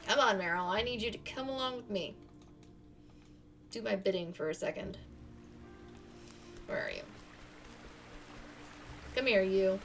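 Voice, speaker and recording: A woman's voice: mid-range voice, moderate pace, pauses often, distant mic, soft background music. A woman streaming a video game, chatting in a playful, self-mocking way as she plays. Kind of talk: casual gameplay chat.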